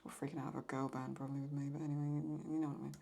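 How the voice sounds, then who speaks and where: A young woman chatting excitedly and mocking herself while she reacts to videos as host of her channel. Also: a bass voice, rapid-fire, gravelly. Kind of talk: casual reaction commentary.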